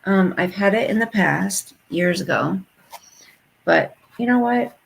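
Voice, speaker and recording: A woman's voice: mid-range voice, lively intonation, measured pace, gravelly, husky, rough recording. A woman in her fifties chatting casually and bluntly to her viewers, telling gossipy stories. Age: 50s. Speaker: vlogger.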